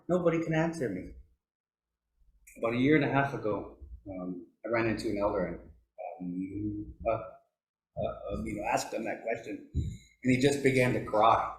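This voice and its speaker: A man telling stories at a forestry workshop, pausing often with fillers and lifting his pitch when he quotes elders. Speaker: workshop speaker. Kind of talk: storytelling talk. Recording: echoey room.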